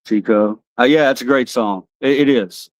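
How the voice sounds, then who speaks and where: A man with a medium-pitched voice speaks at a moderate pace in a rough recording with no echo. He's an American livestream host, rambling loosely and casually reading chat, addressing viewers by name.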